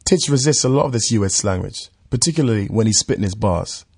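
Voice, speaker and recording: A British man presenting and narrating a radio feature in a measured, explanatory way. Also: fairly low pitch, expressive, creaky, darkish tone, husky.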